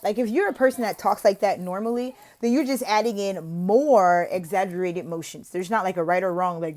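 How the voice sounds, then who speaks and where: A woman with a mid-range voice teaches online, giving interview tips in a chatty, lively casual tutorial full of fillers like "like" and "you know." In her demos she switches to an exaggerated teacher voice, with gasps and drawn-out questions.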